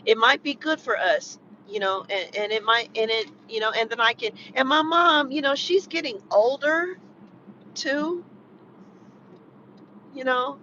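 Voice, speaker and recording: A vlogger in an emotional personal chat, talking in a rambling, halting way, full of "you know" and restarts. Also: sits high, pushed and bright, a little hiss or hum. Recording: muffled lo-fi recording.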